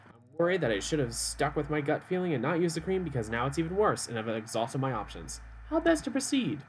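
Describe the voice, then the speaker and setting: Male streamer, playful game reader, lively swoops, stuffy nose. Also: medium pitch, slight background noise, poor audio. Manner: playful, reads lines aloud with swooping put-on voices. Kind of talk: casual game commentary and reading aloud.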